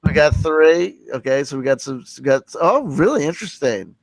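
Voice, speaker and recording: A man hosting a live-streamed group chat, reading out votes with excitable, theatrical exclamations. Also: a little high, normal speed, no echo. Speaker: livestream host.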